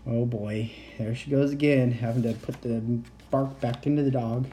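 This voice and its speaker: A man's voice: medium pitch, steady tone, moderate pace, hardly any pauses, dark tone. A man hosting a bedtime story, reading a picture book aloud with playful animal noises and chatty asides.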